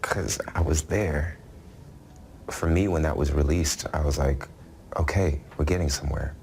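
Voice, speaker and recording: A man with an extremely deep voice speaks as a television interview guest. His tone is gravelly, and he recounts events earnestly and with visible emotion, pressing each point. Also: fairly even intonation, normal speed, a little mellow, slight background noise.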